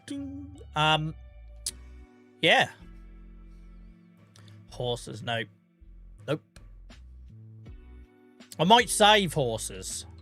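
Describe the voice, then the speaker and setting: A man in his forties live streams a farming game, chatting casually with his chat, joking, laughing often and greeting viewers by name. He uses a boom-arm microphone, and his tone is sharp.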